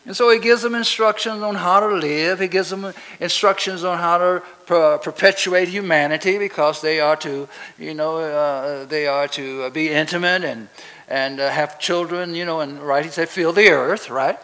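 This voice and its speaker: A man's voice: fairly high pitch, fairly even intonation, normal speed, pushed and bright, rough recording. A man preaching a sermon, often asking the congregation to finish his sentences and building to emphatic declarations. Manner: call-and-response questions to the congregation.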